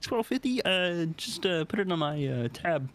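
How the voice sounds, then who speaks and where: A man's voice: high-pitched, sing-song, normal speed, fairly bright tone, full character voice. A man putting on a frog puppet voice in an improvised bar bit on a game stream, hesitant and full of ums. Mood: sheepish. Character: boozy frog puppet man, down on his luck.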